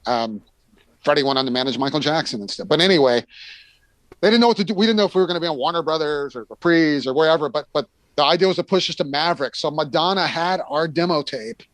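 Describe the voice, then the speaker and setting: A man's voice: on the high side, animated, fast talker, fairly bright tone, no room sound. A middle-aged American man telling rambling tour stories in a casual chat, full of fillers and restarts, sometimes acting out the people he quotes.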